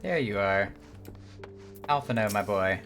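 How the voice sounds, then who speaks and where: A man's voice: on the low side, measured pace, fairly bright tone, soft background music. Rambling man streaming a game. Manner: rambling, hesitant, fillers and self-corrections. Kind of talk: gameplay stream chat, reading quest dialogue aloud.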